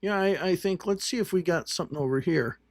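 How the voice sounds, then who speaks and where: A man's voice: high-pitched, fast, gravelly, dry recording, studio quality. A man hosting a livestream, casually commenting on election results and thinking aloud with frequent restarts. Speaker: livestream host.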